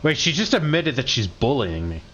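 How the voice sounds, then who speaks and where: A man reading a game's driver dialogue and thinking aloud about his choices, his pitch lively and varied. The recording is slightly dull, with a faint vehicle hum beneath. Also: normal speed. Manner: reads dialogue aloud, musing commentary. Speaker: video game streamer. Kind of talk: game playthrough, reading and commenting.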